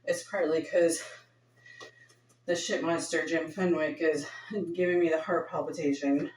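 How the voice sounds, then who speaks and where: A slow-talking, slightly low-voiced woman guides a workout, counting reps in a chatty, offhand way while sounding winded. She is recorded from a distance in an echoey room with a faint hiss behind her. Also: fairly even intonation, a little mellow. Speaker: fitness instructor. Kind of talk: casual workout instruction.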